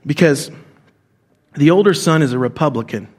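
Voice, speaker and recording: Man preaching a sermon, kinda higher voice, chatty storytelling style, keeps asking the crowd questions. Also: animated, moderate pace, a little mellow. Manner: conversational, questions the congregation. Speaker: pastor.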